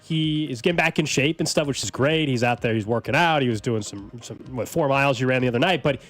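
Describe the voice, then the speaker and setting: Upbeat mid-pitched radio host man. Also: quick pace, fairly bright tone, faint music behind. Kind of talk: casual sports radio chat.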